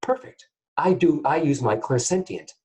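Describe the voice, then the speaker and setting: A man teaching psychic mediumship to camera in a casual, animated way, often checking in with his viewers. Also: a little high, normal speed, poor audio. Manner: animated, keeps checking in with "guys, okay?".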